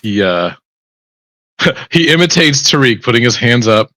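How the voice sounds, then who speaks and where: A man's voice: mid-range voice, sing-song, a little slow, sharp tone, dry recording. A man playing in a tabletop game, describing his character's actions casually and laughing often. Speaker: player.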